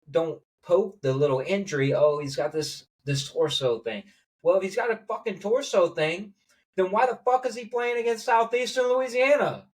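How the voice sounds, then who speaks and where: A man's voice: fairly high pitch, far from the mic, low-quality recording. Angry swearing man ranting about football. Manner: angry, swearing, rising to loud outbursts. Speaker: sports commentator. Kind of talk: heated sports rant.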